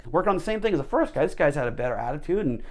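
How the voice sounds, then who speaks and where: Animated male leadership teacher. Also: on the high side, rapid-fire. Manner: animated, repeats words as he rephrases. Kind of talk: explanatory storytelling talk.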